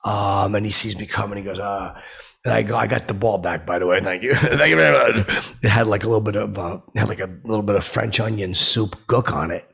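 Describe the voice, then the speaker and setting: A man playing a clueless, brash comic who rambles through stories with loud outbursts when he quotes himself. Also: fairly low pitch, steady tone, quick pace, heavily acted. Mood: rambling. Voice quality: gravelly, husky voice. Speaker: comedy podcast host in character. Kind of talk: rambling comic storytelling monologue.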